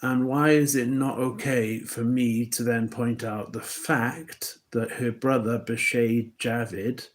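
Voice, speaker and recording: A man's voice: mid-range voice, fairly even intonation, slow pace, few pauses. A man talking to camera in a loose, rambling monologue, often restarting his sentences. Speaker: vlogger.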